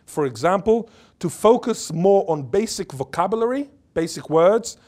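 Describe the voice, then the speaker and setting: A man's voice: high voice, lively intonation, moderate pace, a little mellow. A man giving an academic lecture as a linguist, emphatic and playful, fond of wordplay and of putting questions to the audience. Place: lecture or workshop before an audience.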